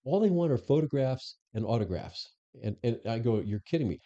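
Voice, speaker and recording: A former police chief speaks as a guest in a conversational interview, candidly recounting his experiences. His mellow voice sits at medium pitch with a sing-song, brisk delivery, and his anecdotal telling includes frequent restarts. This ex-police superintendent is recorded in dull, lo-fi podcast audio.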